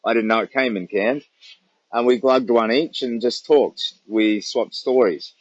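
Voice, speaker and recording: A man's voice: mid-range voice, unhurried, slightly rough, no room sound, muffled recording. An Australian man on a long charity walk, chatting casually to a livestream from his camp in the bush and telling rambling stories with a laugh. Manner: rambling, warm storytelling with laughs. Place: camped outdoors in the bush. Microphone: phone livestream.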